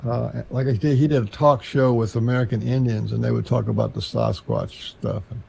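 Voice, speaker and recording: A man's voice: mid-range voice, animated, fairly quick, vocal fry, warm tone, slightly rough, low-quality recording. A man from Texas, a guest in an interview, telling a long, meandering story in an earnest way.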